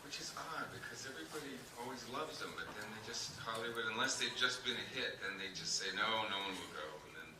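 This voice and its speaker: Low-voiced man, rambling in an echoey hall. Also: fast talker, hardly any pauses. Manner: rambling anecdotal storytelling with many fillers. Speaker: actor answering audience questions. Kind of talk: convention panel Q&A. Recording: echoey hall, distant mic, noisy.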